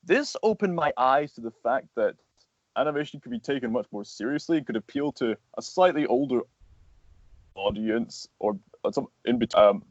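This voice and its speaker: An earnest man, a voice actor and animator, explains his craft at length in a casual interview, his thoughts full of fillers. His voice sits at a middle pitch. The sound is dull and lo-fi, close and dry with no room around it. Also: animated, normal speed, dry recording.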